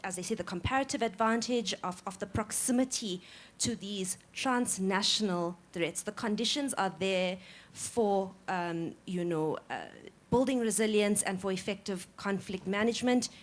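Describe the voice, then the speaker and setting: A woman moderating a panel, closing it with measured, filler-laden remarks. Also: medium pitch.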